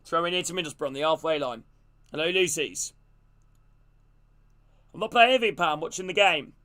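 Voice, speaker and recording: Guy doing a football watch-along stream, high bright clear voice, chatty and gets loud on attacks. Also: brisk. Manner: casual, greets chat between plays, gets loud and excited on attacks. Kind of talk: live football watch-along commentary and chat shout-outs.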